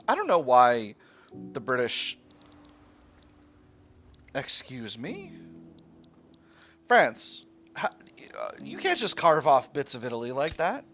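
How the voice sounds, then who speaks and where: A man's voice: mid-range voice, very animated, moderate pace, fairly bright tone, a little hiss or hum. A man casually commentating his own strategy gameplay, thinking aloud with fillers and playful asides to himself. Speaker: strategy game let's player.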